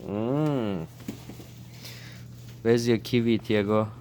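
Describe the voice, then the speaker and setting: A woman's voice: rumbling low, drawn-out words, dark tone, slight background noise. A woman at home talking to her pet birds in coaxing baby talk, chatting casually with her partner. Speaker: pet bird owner.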